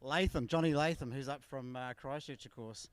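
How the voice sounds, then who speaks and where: A man's voice: medium pitch, moderate pace, clean tone, no room sound. A man interviewing drivers at a racetrack, chatty and upbeat. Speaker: pit lane interviewer. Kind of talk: live event interviews. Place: outdoors at a racetrack.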